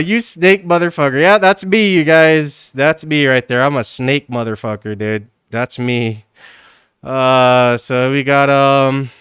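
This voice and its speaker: Male streamer, casual and profane, unhurried delivery, crisp dry voice. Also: medium pitch, fairly bright tone, dry recording. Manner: profane, rambling, laughs a lot. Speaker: live streamer. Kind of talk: casual live-stream chat.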